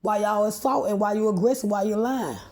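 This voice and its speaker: Agitated woman ranting, profane and mellow-toned. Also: mid-range voice, brisk. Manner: repeats and restarts words under pressure. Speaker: vlogger posting a video. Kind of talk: rambling monologue to camera.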